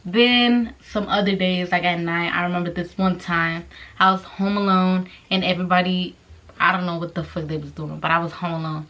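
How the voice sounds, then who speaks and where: This young vlogger speaks at normal speed in a fairly low voice as she tells a story in a casual vlog. She curses nonstop and brings the story to life by acting out what everyone said.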